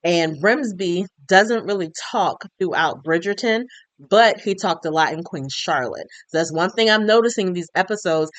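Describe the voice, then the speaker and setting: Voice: medium pitch, expressive, normal speed, a bit bright, no echo. A recap vlogger talking casually about a TV episode, chatty and slangy, and briefly acting out the characters' lines.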